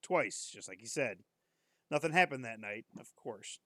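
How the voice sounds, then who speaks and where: A man's voice: medium pitch, lively intonation, moderate pace, sharp tone, no echo. A man streamer reading a horror story aloud on a live stream, casual and breaking off now and then to joke and comment.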